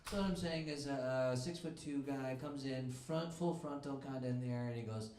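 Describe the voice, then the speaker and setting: A man doing a stand-up set in a comedy club, talking in a rambling, halting way into a handheld mic. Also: mid-range voice, a little mellow, slight background noise. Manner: rambling, halting, self-interrupting. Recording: echoey club room.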